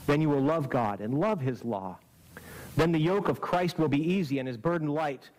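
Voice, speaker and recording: A man's voice: fairly high pitch, normal speed, darkish tone, poor audio. A man preaching a camp-meeting sermon in an earnest, exhorting way, often putting rhetorical questions to his listeners.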